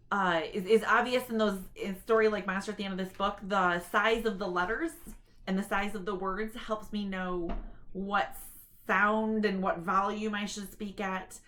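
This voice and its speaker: A woman's voice: medium pitch, a bit bright. A woman giving an informal talk to camera, sharing tips on reading aloud to children in a chatty, explanatory way. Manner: chatty and explanatory, with quick read-aloud demonstrations.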